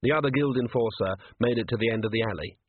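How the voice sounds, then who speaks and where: Husky man narrating an audiobook. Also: on the low side, fast talker, dry recording. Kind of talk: scripted narration. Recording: tinny lo-fi narrow-band audio.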